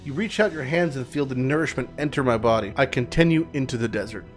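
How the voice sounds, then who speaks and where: A man's voice: mid-range voice, fast talker, faint music behind. A man casually commenting while playing a text game, joking, swearing and reading the game's text aloud. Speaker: game streamer.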